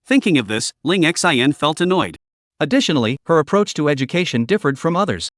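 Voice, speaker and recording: A man reads a comic story recap in a scripted, storytelling manner. His voice is fairly high and very animated. The recording is close and dry with no room sound. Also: fairly quick, no echo. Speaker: recap narrator.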